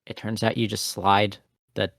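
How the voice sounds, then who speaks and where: A man's voice: fairly low pitch, little pitch movement, normal speed, creaky, fairly bright tone, no room sound, studio quality. A young man co-hosting a casual podcast, telling a rambling, self-mocking story with a passive-aggressive edge. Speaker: podcast co-host.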